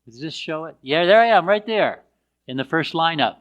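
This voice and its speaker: An older American man telling a personal story in a casual, lively way, acting out the voices of other people. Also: on the high side, normal speed. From United States. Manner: animated, acts out voices of others in his anecdotes.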